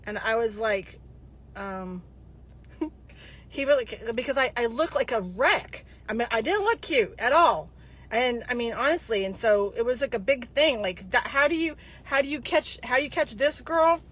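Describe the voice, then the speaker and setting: A woman's voice: on the high side, lively intonation, moderate pace, fairly bright tone. Chatty, rambling woman in her fifties. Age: 50s. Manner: rambling and chatty, with digressions and restarts. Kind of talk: casual monologue to viewers.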